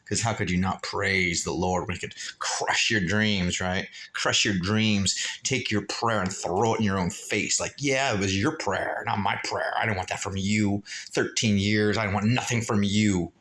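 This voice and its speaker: A man's voice: on the low side, fairly even intonation, normal speed, hardly any pauses, fairly bright tone. Rambling emotional man, pilgrim vlog.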